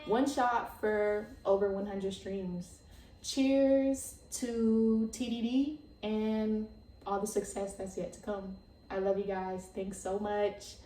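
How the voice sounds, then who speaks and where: Excitable young woman chatting off-mic. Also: medium pitch, takes it slowly, echoey room, far from the mic. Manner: excitable, chatty, full of "like" and laughs. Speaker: podcast host. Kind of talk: casual chat.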